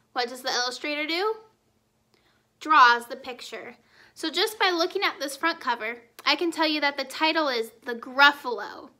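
Bright cheerful woman teacher reading aloud. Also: high voice. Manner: cheerful question-and-answer teaching. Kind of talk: children's read-aloud lesson.

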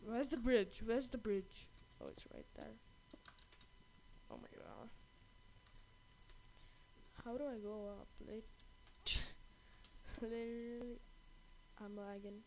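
A woman giving excited gameplay commentary, gasping and repeating her exclamations often, with her face kept off camera. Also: on the high side, takes it slowly, vocal fry, long pauses, slight background noise, low-quality recording. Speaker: gaming channel host. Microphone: off-camera voice-over during gameplay.

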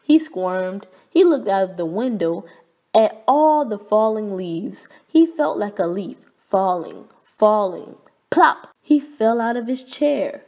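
A woman reading a children's picture book aloud in a clear, expressive, deliberate way. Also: mid-range voice. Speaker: storybook reader. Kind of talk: children's read-aloud narration.

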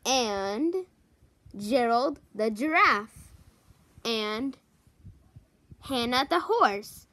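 A woman introducing a row of toys one by one, hesitant and pausing often to search for their names. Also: on the high side, expressive, sharp tone. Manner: hesitant, many pauses and ums. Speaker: toy show presenter.

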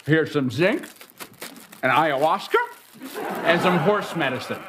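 A man putting on a swaggering male podcaster hawking dubious cures, his voice swooping up and down in big, lively leaps. It is a cocky, bragging delivery set against a hissy, noisy background. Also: fairly high pitch, a little slow. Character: boastful male podcaster pushing quack remedies.

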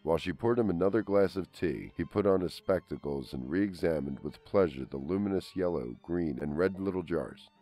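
A man reading a literary short story aloud as an audiobook narrator, in a measured, even storytelling manner. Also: low-pitched. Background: faint string trio music.

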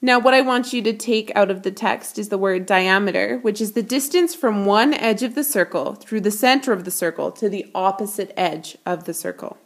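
A woman's voice: mid-range voice, moderate pace, few pauses. Patient woman teaching math from a storybook. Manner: clear patient explaining. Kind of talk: reading a picture book and explaining math.

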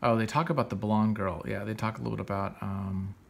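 A man's voice: lowish voice, fairly even intonation, quick pace, vocal fry. A man hosting a comics show, casually retelling a comic book story in a rambling, enthusiastic way with frequent restarts.

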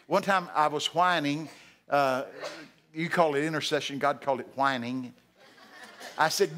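A man in his sixties preaching a sermon in a folksy, dramatic way, his voice leaping high and loud for emphasis. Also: steady tone, moderate pace. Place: church sanctuary.

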